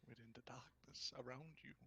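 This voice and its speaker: A man with a gravelly, husky voice, narrating a tabletop game as game master in a slow, low, ominous way. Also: steady tone, bright, forceful tone, no echo.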